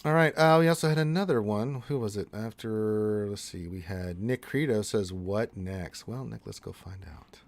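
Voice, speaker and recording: A man's voice: lowish voice, moderate pace, few pauses, slight background noise. A man co-hosting a gaming livestream, giving casual, laid-back advice to viewers and calling them dude and man. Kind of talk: casual chat, reading viewer questions.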